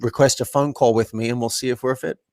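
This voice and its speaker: A man's voice: mid-range voice, fairly even intonation, quick pace, a little mellow, dry recording. A man being interviewed as a coach, talking reflectively and acting out little quoted exchanges as he tells stories. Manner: reflective, storytelling with acted-out quotes. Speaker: guest, coach. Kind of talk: conversational interview.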